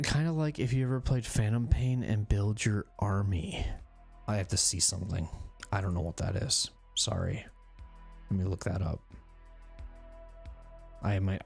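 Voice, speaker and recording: Man streamer, 40s, low-ish voice, casual rambling self-mocking chat over faint music. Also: vocal fry, darkish tone. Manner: rambling, self-deprecating, repeats phrases. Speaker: gaming streamer. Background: faint background music.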